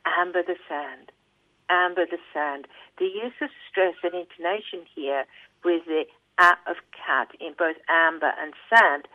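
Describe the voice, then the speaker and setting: A book reviewer reading a scripted review aloud in a measured, deliberate way. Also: medium pitch, no echo. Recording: tinny phone-like line, dry.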